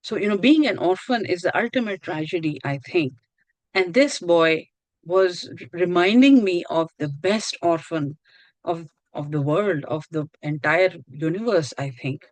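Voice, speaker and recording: A woman's voice: fairly low pitch, lively intonation, measured pace, dry recording, low-quality recording. Earnest woman lecturing on a video call. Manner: earnest, repeats and restarts phrases. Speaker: course instructor. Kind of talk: online lecture.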